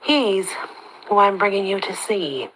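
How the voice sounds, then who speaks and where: A woman voicing a calm, protective young man with a deep rasp, talking low, quiet and steady. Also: measured pace, slight background noise, poor audio.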